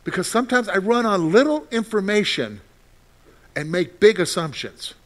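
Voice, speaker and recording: Animated high-voiced male preacher. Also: moderate pace. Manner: animated, swings from loud outbursts to soft quiet lines. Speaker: pastor. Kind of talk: sermon.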